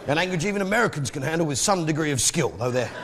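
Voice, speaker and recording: A man's voice: fairly high pitch, animated, very fast, heavy background noise. A man with a British accent doing boastful, swearing stand-up comedy, recorded live on stage. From Britain. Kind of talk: stand-up comedy as a pompous publican. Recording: live stage show with loud audience.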